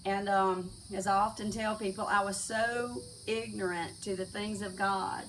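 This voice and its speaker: A middle-aged woman telling her personal faith testimony in a halting way, with many restarts and fillers. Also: medium pitch, steady tone, a bit bright, distant mic, slight background noise, low-quality recording. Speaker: testimony speaker.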